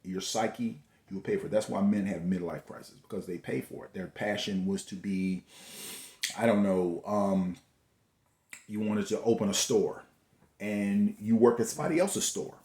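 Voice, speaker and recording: A man's voice: lowish voice, normal speed, a little mellow. A man giving a motivational talk, preachy and repetitive, full of rhetorical questions. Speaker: host. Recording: echoey room.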